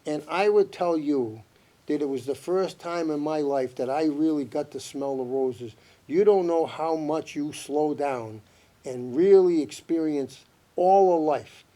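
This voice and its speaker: A man with a strong Boston accent, a guest in a casual TV chat who tells his stories with lively energy. His voice sits a little higher than most men's. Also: unhurried. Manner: animated, lively storyteller.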